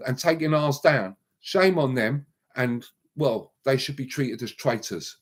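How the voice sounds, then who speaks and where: A man hosts a live stream and rants at his viewers. He talks heatedly, repeats himself for emphasis, and swings between loud outbursts and muttered asides in a mid-range voice. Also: mid-range voice, normal speed. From England. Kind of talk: ranting live stream chat.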